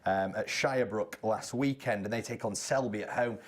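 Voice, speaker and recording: A man's voice: on the low side, normal speed. A man presenting a local TV sports round-up in a chatty way, with joking asides between results.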